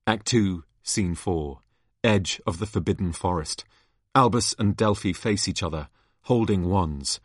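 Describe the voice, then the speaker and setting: Low-voiced man reading stage directions. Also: unhurried, slightly rough, no room sound, clean studio sound. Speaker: narrator.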